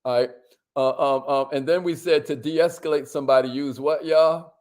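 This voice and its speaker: Man in his own casual voice, a slightly high-pitched livestream host who talks slang and hypes up the chat. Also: normal speed. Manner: lively, hypes up viewers and reads their comments; drops to a near whisper to make a point. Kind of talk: casual livestream talk to viewers.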